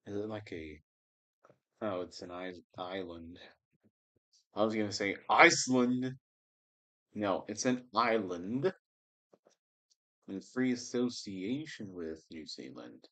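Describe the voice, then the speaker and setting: A man hosting a relaxed livestream, talking at an unhurried, drawn-out pace. His voice sits low, and he rambles easily as he greets viewers and reads their comments aloud. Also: low-quality recording. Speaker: livestream host reading scripture. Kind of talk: casual livestream chat with viewers.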